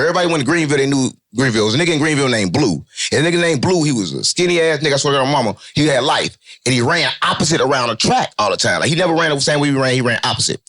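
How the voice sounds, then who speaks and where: A man giving an interview in loose, unfiltered street talk, animated and joking, cursing and repeating his catchphrases. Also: mid-range voice. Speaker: interview guest.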